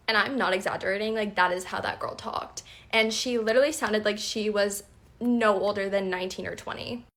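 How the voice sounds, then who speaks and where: A woman's voice: medium pitch, brisk, a bit bright. A young woman and nursing student telling a storytime in a chatty, amused, conversational way. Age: young adult. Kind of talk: casual storytime.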